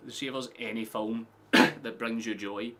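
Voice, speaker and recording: A man casually commentating a football match live for his stream, chatty, swearing and quick to laugh. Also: mid-range voice, little pitch movement, heavy background noise. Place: home streaming setup with headphones.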